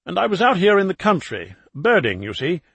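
A man's voice: high-pitched, huge pitch swings, fairly quick, gravelly, a bit bright, husky, no echo, voice pushed up, full character voice. A man reading an audiobook voices a foreign agent who fakes a London accent, rambling and stammering as he chatters. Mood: flustered cheer. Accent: put-on London. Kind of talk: audiobook character voice.

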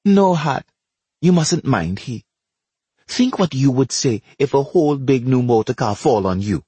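A frantic, devoted wife voiced by a man cries out in a high, shrill, pleading voice. The tone is husky and the recording is dry and close. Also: expressive, unhurried, warm tone, no room sound.

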